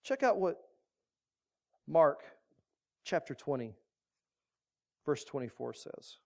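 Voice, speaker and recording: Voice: medium pitch, sing-song, slow, vocal fry, mellow. A pastor giving a casual, joking sermon that walks the congregation through a Bible reading.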